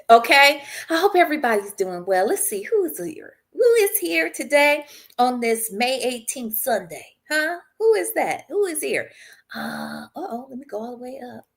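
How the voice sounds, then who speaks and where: A woman hosting a casual live stream, greeting viewers one by one in an animated, chatty way and chuckling often. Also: sits high. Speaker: livestream host.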